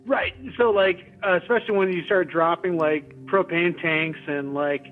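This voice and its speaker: A man speaking as a podcast guest in a relaxed, halting way with many fillers, over a remote line. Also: a little high, soft background music. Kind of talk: casual conversation. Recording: tinny phone-like remote line.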